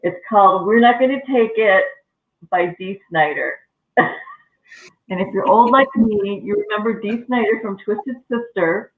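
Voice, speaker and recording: A woman's voice: medium pitch, unhurried. Middle-aged woman host on a tinny line. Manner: chatty, asks guests questions. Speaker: librarian host. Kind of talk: casual chat. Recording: tinny phone-like audio in an echoey room.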